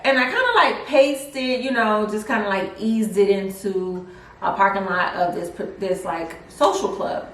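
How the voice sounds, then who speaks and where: A woman's voice: mid-range voice, unhurried. Chatty young woman, roomy and distant. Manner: chatty, animated storytelling with many fillers. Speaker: vlogger. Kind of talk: storytime vlog. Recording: roomy echo, mic at a distance.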